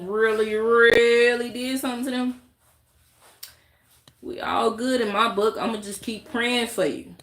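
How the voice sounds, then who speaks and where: A woman with a slightly high, steady, somewhat bright voice delivers a candid vlog rant to camera, hammering the same points again and again. She goes a little slowly, gestures as she speaks, and the room echoes around her.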